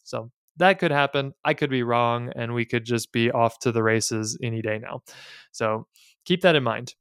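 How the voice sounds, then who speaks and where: A man's voice: mid-range voice, fairly bright tone, smooth, dry recording, studio quality. A man in his thirties hosting a podcast, talking in a candid, chatty and plainspoken way with casual asides. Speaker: podcast host. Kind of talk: casual finance podcast talk.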